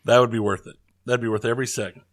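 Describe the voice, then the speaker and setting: A man in mid pitch co-hosting a casual podcast, making wry, offhand quips. The recording is close and dry. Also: flat delivery, rapid-fire, no echo. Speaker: podcast co-host. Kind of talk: casual chat.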